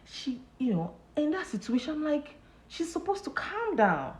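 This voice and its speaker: Speaking unhurriedly in an echoey room, this woman has a high voice with big swings in pitch. She's hosting a relaxed live motivational talk, rambling and repeating herself with plenty of "you know"s, and she keeps laughing as she tells her stories.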